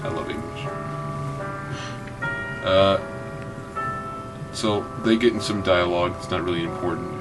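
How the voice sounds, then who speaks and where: Man, very deep voice, casual chat, reads manga aloud, acts out lines, music behind. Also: fairly even intonation, measured pace, pauses often. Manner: acts out characters' lines in a raised voice. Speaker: co-host reading manga aloud.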